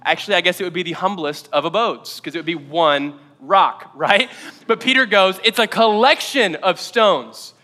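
A man preaching a sermon as pastor, energetic and quick to joke in asides. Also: on the high side, big-room sound. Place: church auditorium.

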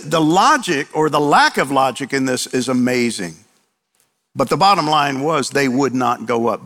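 A middle-aged male pastor preaching a sermon, animated, firing off rhetorical questions and acting out quotes. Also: on the high side. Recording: long reverb of a large hall.

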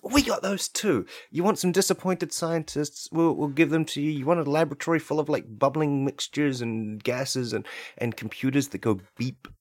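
A man's voice: a little high, moderate pace, dry recording. A man hosting a podcast, delivering a rambling comedic monologue in a mock-conspiratorial tone on a close microphone. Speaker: podcast host.

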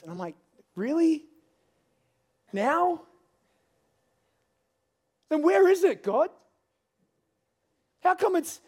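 A middle-aged man preaching a sermon as pastor, earnest and confessional, rising to loud pleading. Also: sits high. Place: church service.

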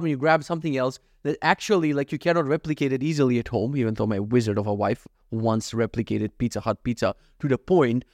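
Fast-talking profane young man. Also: on the high side, dry recording, clean studio sound. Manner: profane, rambling, jokey storytelling. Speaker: podcast host. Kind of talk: casual solo podcast monologue.

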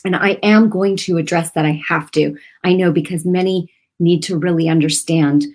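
A woman's voice: fairly low pitch, fairly even intonation, moderate pace, a little mellow. A woman hosting an online ministry broadcast, teaching a devotional message in an earnest, conversational way with many asides.

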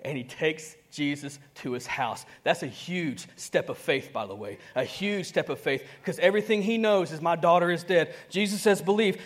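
A pastor preaches to his congregation in a conversational, animated way, his voice sitting high. He acts out dialogue, lurches suddenly between soft and loud, and chuckles often.

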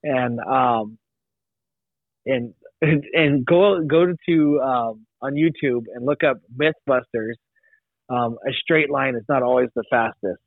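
A man's voice: mid-range voice, takes it slowly, creaky, no echo. Rambling young man, tinny phone line. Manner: rambling, many restarts and likes. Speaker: podcast guest. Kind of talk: casual testimony.

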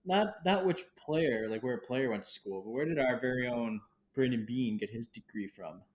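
A man's voice: medium pitch, moderate pace, darkish tone, rough recording. A man co-hosting a casual sports podcast and running the trivia, dry and teasing. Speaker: podcast co-host, trivia quizmaster.

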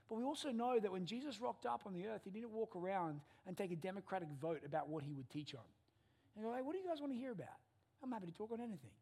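A man in his thirties, a pastor preaching a sermon in a church and telling animated stories. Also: high voice, husky. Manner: animated storyteller, acts out family dialogue.

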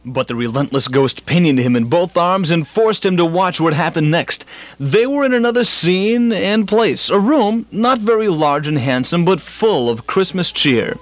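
A man's voice: sits high, expressive, normal speed. Male narrator over music. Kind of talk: scripted storybook narration.

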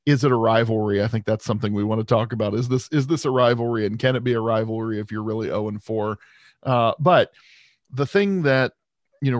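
Animated man on a dry podcast mic. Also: fairly low pitch, dry recording. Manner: animated, self-deprecating, frequent restarts. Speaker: podcast co-host. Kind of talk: casual sports chat.

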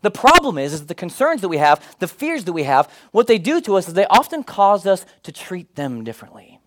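In a low-quality recording, a high-pitched, middle-aged pastor speaks a little fast as he preaches. His sermon is animated and funny, full of stories told with put-on voices.

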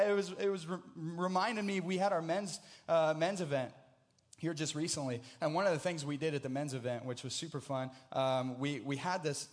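A man preaching a sermon, earnest, often repeating words, moving between hushed reflection and loud, emphatic proclamation. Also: a little high, steady tone, moderate pace. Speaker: pastor.

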